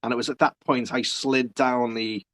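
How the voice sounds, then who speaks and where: A man's voice: mid-range voice, steady tone, moderate pace, a bit bright, poor audio. A man hosting an interview, telling stories with enthusiasm and acting out what people said. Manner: enthusiastic storyteller, acts out quoted voices. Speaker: interviewer, host. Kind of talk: conversational interview.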